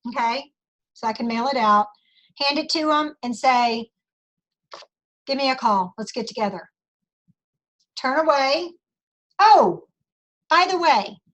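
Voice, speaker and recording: A high-pitched middle-aged woman leads a sales training talk over a video call. She is chatty and emphatic, and she acts out customer conversations as she coaches. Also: sharp tone. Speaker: sales director training her team.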